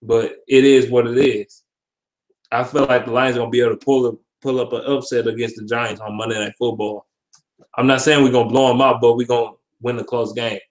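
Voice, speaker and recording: A man's voice: medium pitch, brisk. A man giving a football predictions vlog, reading comments and trash-talking with lots of profanity. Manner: profane, animated, laughing trash talk. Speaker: sports vlogger. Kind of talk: casual trash-talk commentary.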